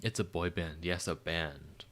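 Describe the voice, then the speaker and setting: A man hosts a live stream, responding to chat with excited, casual, filler-heavy rambling. His voice sits low and his delivery is a little slow.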